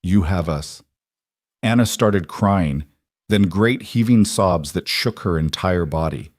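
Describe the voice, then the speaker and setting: Man with a low narrating voice. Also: a little slow, no room sound, clean studio sound. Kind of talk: scripted story narration.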